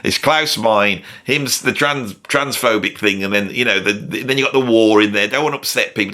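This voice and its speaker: A man's voice: lowish voice, normal speed, hardly any pauses, pushed and bright. A British man hosting a comedic commentary video, rambling and sardonic, often breaking off mid-sentence. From Britain. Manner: rambling, self-interrupting, sardonic. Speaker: video host.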